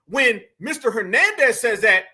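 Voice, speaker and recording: A man's voice: very high voice, very animated, moderate pace, pushed and bright, slightly rough. A man, hosting casual reaction commentary, emphatic and profane, calling his viewers fam. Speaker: commentary channel host.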